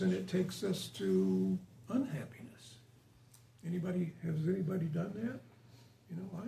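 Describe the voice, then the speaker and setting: This informal sermon to a small group comes from a man with a high, warm voice and vocal fry, who chats conversationally and asks the audience questions. A distant mic gives a roomy sound with faint hiss.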